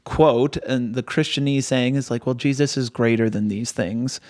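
Mid-pitched pastor, reflective casual co-host, dry close mic. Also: male voice, fairly even intonation, moderate pace, darkish tone, no room sound. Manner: thoughtful, hesitant restarts, talks through ideas.

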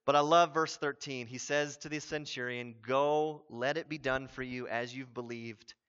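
A man preaching a sermon as a pastor, animated and building to emphatic exclamations. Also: medium pitch, normal speed, clear, resonant tone, dull audio.

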